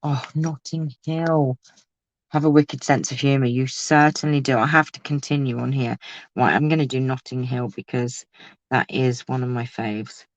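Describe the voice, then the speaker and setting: A woman's voice: very deep voice, steady tone, normal speed, dry recording, rough recording. A woman chatting casually while crafting on a live video, talking exclaimingly and laughing often. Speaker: crafting vlogger.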